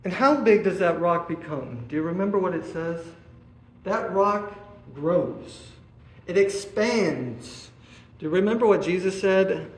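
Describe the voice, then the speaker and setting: A man preaching a sermon, asking his listeners rhetorical questions and often pausing on "uh". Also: high-pitched, lively intonation. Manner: asks the listeners rhetorical questions, with many "uh" fillers. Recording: echoey room.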